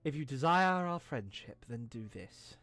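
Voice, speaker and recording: A man's voice: medium pitch, lively intonation, a little slow, a bit bright, no echo. A man voicing a strict young woman border guard with a put-on Russian accent, speaking in a clipped, officious way.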